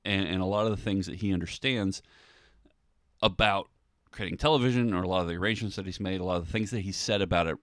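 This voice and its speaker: A man's voice: low-pitched, quick pace, no echo, clean studio sound. A man hosting a solo podcast, talking casually in a rambling way with many ums and restarts. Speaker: podcast host.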